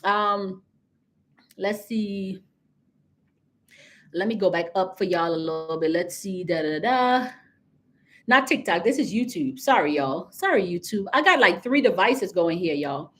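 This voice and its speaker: A woman's voice: mid-range voice, lively intonation, a little slow, long pauses, a bit bright. A woman with a Caribbean accent, coaching viewers in a casual livestream and talking straight to them. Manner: chatty, addresses viewers directly, reads out comments. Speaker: business credit coach.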